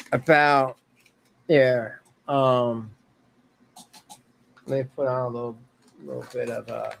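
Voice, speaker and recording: A man's voice: medium pitch, fairly even intonation, slow, vocal fry, pauses often, slight background noise, rough recording. A man hosting a casual livestream, rambling, interrupting himself and laughing often as he reads chat aloud. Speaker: livestream commentary host.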